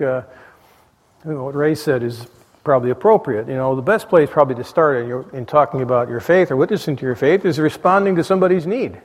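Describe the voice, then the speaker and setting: Guy teaching a bible study class, kinda higher voice, lots of "you know"s and restarts, big echoey hall. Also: darkish tone. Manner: rambling, with frequent "you know" fillers and restarts. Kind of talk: conversational church class teaching.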